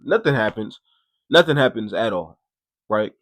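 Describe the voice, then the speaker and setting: A man casually telling a story, profane and animated, his voice jumping high and loud when he gets excited. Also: brisk, dry recording.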